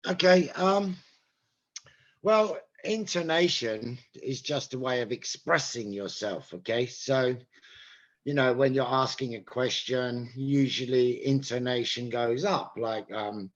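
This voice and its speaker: A British-accented man explaining English sounds on a video call, slow and unhurried. His voice comes through a little dull and muffled, and he keeps checking in with a friendly "okay?". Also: mid-range voice. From England. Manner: patient, checks understanding with "okay?". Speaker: English teacher. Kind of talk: explaining to an online class.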